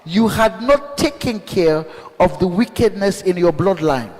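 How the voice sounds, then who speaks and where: High-voiced fiery preacher in a hall. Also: male voice, expressive, measured pace. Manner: call-and-response, shouting bursts, rhetorical questions. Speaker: bishop preaching. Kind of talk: fiery sermon. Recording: long hall reverb.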